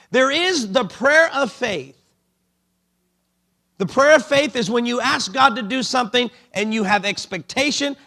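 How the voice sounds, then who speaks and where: A man's voice: high-pitched, pushed and bright. A man preaching a sermon as a bishop, emphatic and dramatic in delivery.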